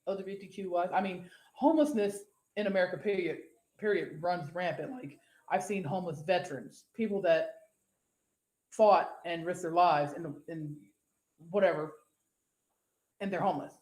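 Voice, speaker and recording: A woman's voice: fairly low pitch, normal speed, darkish tone, roomy sound. A woman co-hosting a casual podcast, talking bluntly, swearing freely and breaking into exclamations. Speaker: podcast co-host.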